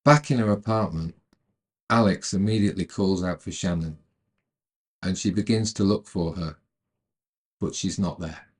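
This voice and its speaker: A man narrating a retelling of a film's plot in a calm, measured way, then adding his own commentary. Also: sits low, slightly rough. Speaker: storyteller retelling a film.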